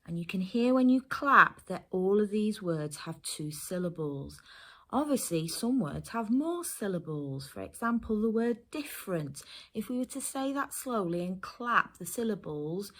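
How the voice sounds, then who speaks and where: A woman teacher from England giving a phonics lesson to young children and their parents, sounding out letters slowly and carefully. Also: medium pitch, lively intonation, fairly bright tone. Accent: English. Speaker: primary school teacher.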